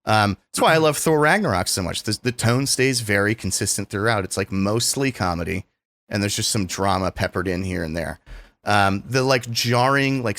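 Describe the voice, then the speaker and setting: Animated man on a dry mic. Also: no echo. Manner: animated, lots of filler likes, swings up in pitch when making a point. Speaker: podcast co-host. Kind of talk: casual chat.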